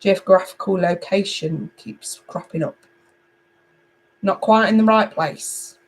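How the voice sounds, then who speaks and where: A middle-aged woman from England reading tarot cards live, chatty and animated as she talks to viewers. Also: medium pitch, takes it slowly, poor audio. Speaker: tarot reader.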